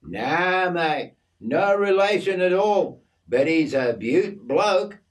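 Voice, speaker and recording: A man's voice: high-pitched, expressive, takes it slowly, pitched above the performer's own voice. A man doing a cheery Australian outback bloke. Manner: breezy, matey bush slang.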